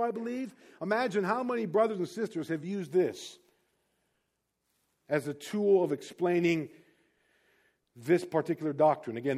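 A man's voice: high-pitched, darkish tone. A man preaching a sermon as a pastor, speaking in an emphatic, exhorting way.

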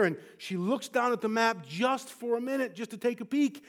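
Male preacher, high light voice, storytelling sermon that dips hushed then surges passionate. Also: lively intonation, fairly quick, hardly any pauses. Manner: wide swings from hushed to impassioned.

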